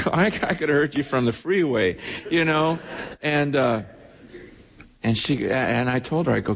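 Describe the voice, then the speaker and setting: A male pastor preaching a sermon through stories, fervent and halting, acting out the voices of the people he quotes. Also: mid-range voice, vocal fry. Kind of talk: sermon storytelling. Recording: long hall reverb.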